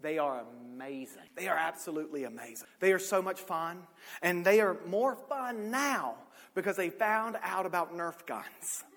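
Male pastor, storytelling sermon, somewhat high-pitched, loud-to-soft swings, reverberant hall. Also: normal speed, vocal fry. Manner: storytelling, swings from loud shouts to hushed low lines.

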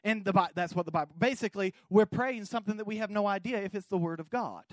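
High-pitched pastor guy preaching, gets loud and fired up, very dry close sound. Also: fast, no room sound. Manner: exuberant preaching that swings from quiet storytelling to shouting. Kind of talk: sermon.

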